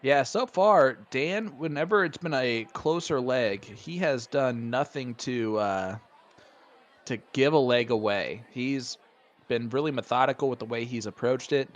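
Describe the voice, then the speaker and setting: Male darts commentator, Hoosier accent, chatty, excitable, laughs easily. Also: mid-range voice, unhurried. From Indiana. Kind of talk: live sports commentary.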